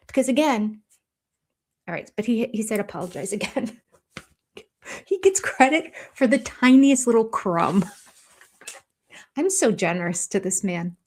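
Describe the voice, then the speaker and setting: An older woman giving deliberate, analytical commentary as a host, with a dryly sarcastic edge. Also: mid-range voice, animated, darkish tone.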